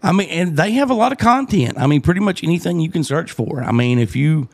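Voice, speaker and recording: A man's voice: fairly high pitch, animated, fast talker. A man hosting a podcast, talking hesitantly with many fillers and a dry sarcastic streak. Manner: hesitant, lots of uh and you know, sarcastic. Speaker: podcast host. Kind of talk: casual podcast chat.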